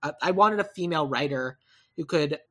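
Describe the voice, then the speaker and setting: A woman with a low voice and a bright, edged tone talks through her ideas in casual podcast chat. She rambles, corrects herself mid-sentence and drops into animated asides. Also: brisk. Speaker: podcast co-host. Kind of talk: casual chat about movie casting.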